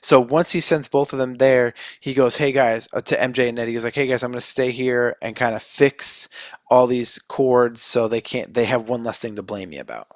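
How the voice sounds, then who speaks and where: A man's voice: mid-range voice, moderate pace, no room sound, studio quality. Man casually retelling a plot. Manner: loose storytelling, acting out quotes with fillers. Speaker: podcast co-host. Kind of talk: casual chat.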